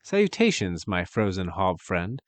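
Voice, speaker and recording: A man's voice: low-pitched, sing-song, normal speed, no room sound. A man voicing a courteous, wry male doctor with a genteel, lightly mocking manner.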